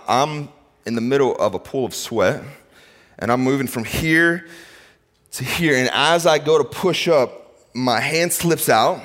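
A man in his thirties, a pastor, telling a funny personal story in a sermon and acting out the people in it. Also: medium pitch. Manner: animated, self-mocking storyteller who acts out quotes. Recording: long hall reverb.

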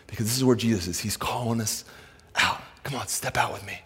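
A male pastor preaching a sermon, impassioned, swinging between loud, urgent preaching and hushed asides. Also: fairly low pitch, a little fast, vocal fry, husky. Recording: reverberant hall.

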